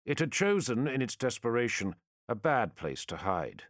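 A man reading a sci-fi war story aloud as audiobook narrator, measured and dramatic. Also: medium pitch, big pitch swings, a bit bright, dry recording, clean studio sound.

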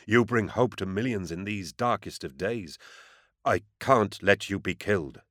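A man voicing a grim, dutiful male warrior captain who speaks in a firm, deliberate, commanding way. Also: lowish voice, a bit bright, no echo, clean studio sound. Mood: resolute.

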